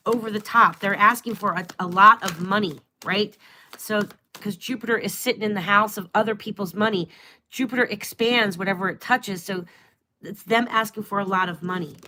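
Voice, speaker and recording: A woman's voice: medium pitch, moderate pace, sharp tone, a little hiss or hum. A woman giving a live-stream tarot reading, musing aloud and trailing off as she asks the cards questions. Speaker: tarot and astrology reader.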